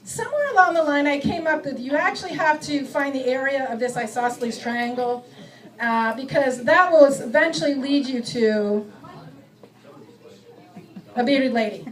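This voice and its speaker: A high-pitched middle-aged woman works a comedy club stage, poking fun at herself and slipping into quick voices for her bits. The sound is picked up from a distance, so her voice sits a bit back in the room. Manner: self-mocking, acts out bits with quick voice shifts. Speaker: stand-up comedian. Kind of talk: stand-up comedy set. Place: comedy club stage before a live audience.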